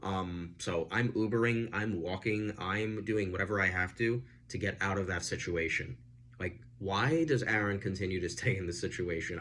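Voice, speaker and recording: Man, very deep voice, casual film review, chatty, lots of ums, faint ambient hiss. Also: moderate pace. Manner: chatty, animated, frequent fillers.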